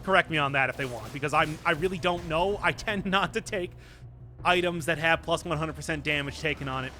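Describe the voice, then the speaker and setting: Lively high-voiced young male gamer. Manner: animated and self-mocking, reads chat aloud. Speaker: gaming streamer. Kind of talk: casual live-stream commentary.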